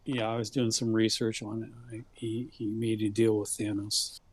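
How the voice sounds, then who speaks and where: A man's voice: on the low side, level tone, moderate pace, darkish tone, breathy edge, no room sound. A man in a casual podcast chat, offering points from his research with hesitant restarts.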